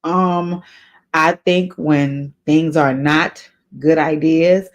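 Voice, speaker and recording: A woman's voice: sits low, fairly even intonation, extremely slow, dull audio. Woman, advice show host, casual spoken counsel, earnest, encouraging, repeats key lines. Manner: spiritual advice. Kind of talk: answering a viewer's letter in casual spoken advice. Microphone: off camera, voice only.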